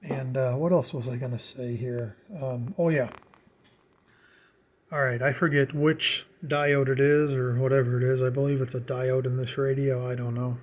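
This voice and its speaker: A man's voice: mid-range voice, steady tone, moderate pace. A man giving a casual how-to tutorial on setting up a radio. He rambles, repeats words and leans on fillers as he talks through the steps at home. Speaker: radio hobbyist explaining setup.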